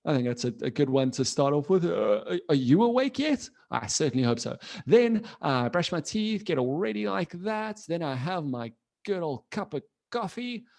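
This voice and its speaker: A man teaching an online coding class for children from his computer, playful and animated, constantly asking the kids questions. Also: on the high side, normal speed, creaky. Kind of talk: live online children's lesson.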